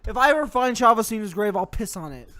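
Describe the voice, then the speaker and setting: A man's voice: high voice, sharp tone, slight background noise. A man hosting a comedy show, ranting angrily and swearing constantly, with mock threats. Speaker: host. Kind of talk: comedic profane rant.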